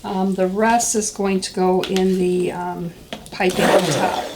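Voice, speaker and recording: A woman's voice: medium pitch, level tone, slow, heavy background noise. A woman demonstrating soap making in a casual step-by-step tutorial, chatty and thinking aloud with plenty of ums. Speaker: soap maker demonstrating a recipe.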